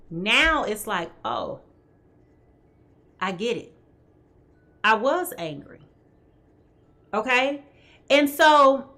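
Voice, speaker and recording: Bright-voiced woman doing a chatty tarot reading. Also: on the high side. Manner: chatty, keeps checking in with "okay?"; talks straight to viewers, greets them by name. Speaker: tarot reader host. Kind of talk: live tarot reading to viewers.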